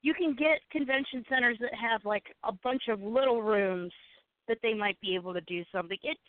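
A woman in a casual chat, calmly smoothing over a disagreement. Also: on the high side, fairly quick, no room sound. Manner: conciliatory, calming. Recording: tinny phone-like line.

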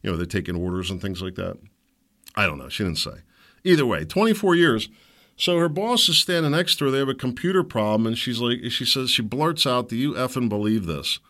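A man's voice: mid-range voice, fairly bright tone. A man hosting a podcast, delivering a rambling, sarcastic and indignant political commentary monologue. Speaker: podcast host.

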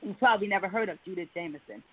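A woman's voice: medium pitch, rapid-fire, husky. A woman poet comes through a thin, phone-like line that narrows her voice. She reads with a driving, rhythmic spoken-word cadence. In conversation she turns loose and chatty, leaning on casual fillers. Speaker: poet and interview guest. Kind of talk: spoken-word poetry reading, then casual interview talk.

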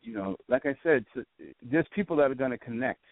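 A man with a Boston accent, a guest chatting casually in an interview, relaxed and rambling with frequent restarts. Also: medium pitch, brisk, noisy background. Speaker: guest, radio show host. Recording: tinny phone-like line.

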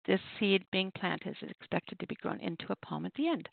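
A woman hosts a poetry radio show, chatting in a loose, rambling way and laughing often. Her voice has a gravelly, creaky edge. It comes through a tinny, dry phone line. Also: medium pitch, lively intonation, brisk, dry recording. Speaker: host of an open mic poetry radio show. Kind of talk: casual talk giving poetry prompts.

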